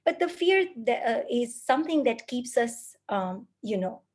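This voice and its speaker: Earnest woman lecturing, slightly high voice. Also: animated, measured pace, darkish tone. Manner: earnest, lists things in repeated phrases. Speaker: parenting speaker. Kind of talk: spoken lecture.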